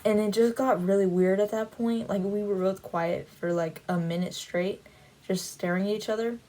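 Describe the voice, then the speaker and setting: Rambling woman, mellow voice. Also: mid-range voice, fairly even intonation, normal speed, slight background noise, low-quality recording. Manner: rambling, heavy use of "like" fillers. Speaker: Christian vlogger. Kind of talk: casual storytelling, recounting a dream.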